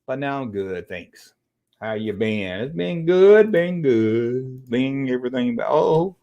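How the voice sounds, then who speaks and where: Animated, swearing middle-aged man. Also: medium pitch, slow, highs cut off. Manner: animated and profane, rambling between tangents. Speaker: livestream host. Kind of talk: casual livestream chat, answering viewers.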